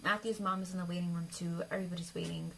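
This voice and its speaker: Young woman, gravelly, confiding storyteller; soft near-whispers, light background noise. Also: fairly low pitch, steady tone, very fast, poor audio. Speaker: vlogger. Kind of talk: personal storytelling to camera.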